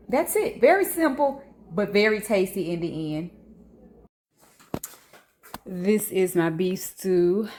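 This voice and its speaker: A woman's voice: lowish voice, darkish tone, a little hiss or hum. A woman chatting casually to her viewers while she cooks in a home kitchen, filmed on a phone, with slangy asides. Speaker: cooking vlogger. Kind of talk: casual cooking vlog chat. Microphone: phone camera.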